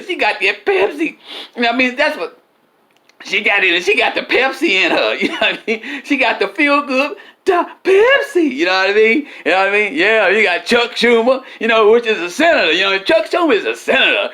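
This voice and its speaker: A man with a strikingly high, bright voice rambles through a comic monologue. He keeps circling back with "you see what I'm saying?" and chuckles at his own jokes. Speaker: comedic political commentator.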